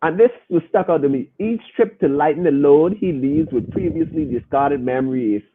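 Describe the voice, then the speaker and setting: A man with a slightly high voice talks at a normal speed, hosting a podcast and chatting casually with his listeners. He speaks emphatically, repeating phrases to drive his point home, and the audio has a tinny, phone-line quality.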